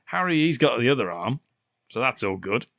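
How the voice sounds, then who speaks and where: A man's voice: mid-range voice, sing-song, brisk, creaky, a bit bright, no echo, clean studio sound. A man co-hosting a podcast, recapping a bad film in casual, profane, rambling banter. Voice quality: sweary, laughing, rambling recaps. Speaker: podcast co-host.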